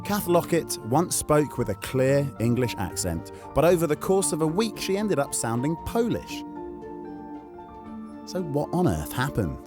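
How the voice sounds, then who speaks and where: A man hosting and narrating a science documentary in scripted voice-over with an expressive, rising and falling delivery. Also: a little high, measured pace. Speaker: host and narrator. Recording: voice-over over background music.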